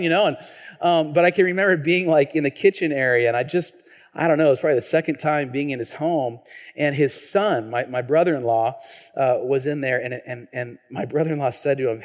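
A man in his thirties from Washington state, a pastor preaching a sermon in an animated, conversational way, with frequent restarts and questions to the congregation. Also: mid-range voice, a little fast. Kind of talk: sermon with personal storytelling. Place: church sanctuary. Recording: long reverb of a church hall.

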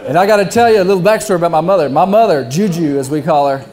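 A middle-aged man, telling a funny story to a live crowd, animated and self-deprecating, acting out the voices of others. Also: on the high side, very fast, a little hiss or hum.

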